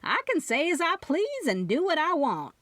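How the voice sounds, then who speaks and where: A woman narrator voicing a sharp-tongued older Southern aunt who teases bluntly, read in a dry studio. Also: high voice, huge pitch swings, moderate pace, dry recording, voice pushed up, heavily acted. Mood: sassy. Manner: teasing, blunt.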